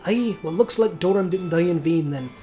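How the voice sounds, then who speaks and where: A man voicing a gruff male dwarf clansman in a put-on Scottish accent, booming and a little stumbling. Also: expressive, moderate pace, warm tone, faint music behind. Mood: solemn.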